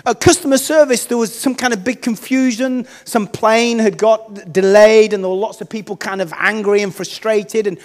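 A vicar with a high voice tells a personal story from the pulpit, animated and self-mocking. His voice rings through a space with a long hall reverb. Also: normal speed, hardly any pauses. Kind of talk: storytelling sermon.

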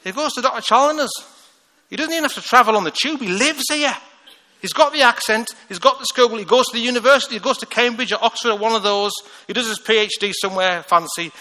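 A man's voice: extremely high pitch, quick pace, pushed and bright. A man from the north of England, preaching a humorous, conversational sermon and laughing at his own jokes. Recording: echoey hall with long reverb.

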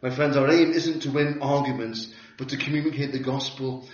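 A man preaching a sermon, telling a story with wry humor and lively delivery. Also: mid-range voice, brisk. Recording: roomy hall from a distance, dull sound.

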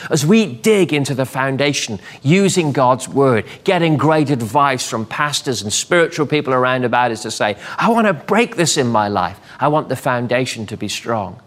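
A middle-aged man preaching a sermon, lively and storytelling, acting out the voices of the people in his anecdotes. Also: medium pitch. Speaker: pastor.

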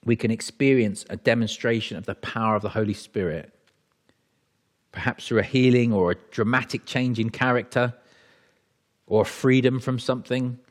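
A man preaches a sermon conversationally, frequently restarting his sentences. His voice is mid-range, with fairly even intonation at a normal speed.

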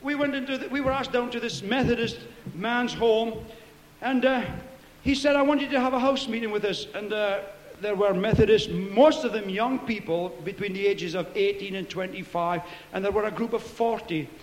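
Fervent preacher man, very high voice. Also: normal speed, roomy sound, big-room sound. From Scotland. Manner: fervent, storytelling, frequent shouted hallelujahs. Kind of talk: Pentecostal sermon.

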